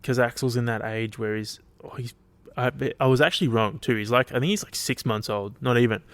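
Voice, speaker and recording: A man's voice: medium pitch, fairly quick, fairly bright tone, clear, resonant tone, no room sound. Sweary, rambling Australian man. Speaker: podcast host. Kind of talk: casual solo chat.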